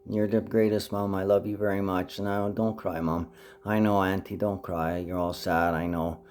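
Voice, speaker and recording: Man, deep voice, rambling monologue, topic jumps, sudden pitch leaps, talks to his mom. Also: little pitch movement, normal speed, darkish tone, a little hiss or hum. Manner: speaks to his mother directly, affectionate. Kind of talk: rambling vlog monologue to camera.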